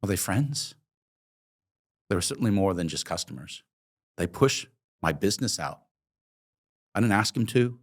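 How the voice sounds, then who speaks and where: A man's voice: deep voice, animated, normal speed, long pauses. A man in his fifties from Oregon, telling his life story in an interview in a reflective, emotional way with many hesitant ums. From Oregon, USA. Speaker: guest, coffee company founder.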